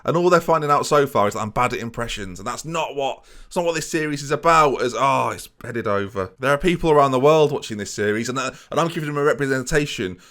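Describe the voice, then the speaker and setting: A man's voice: mid-range voice, expressive, fast talker, few pauses, fairly bright tone. A young man giving playful, jokey let's play commentary, constantly talking to his viewers as a gaming YouTuber.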